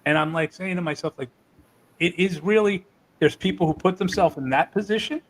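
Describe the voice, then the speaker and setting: A man's voice: sits high, brisk, fairly bright tone, slight background noise, rough recording. A man being interviewed, telling heated stories and swearing freely. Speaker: interview guest. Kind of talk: casual interview.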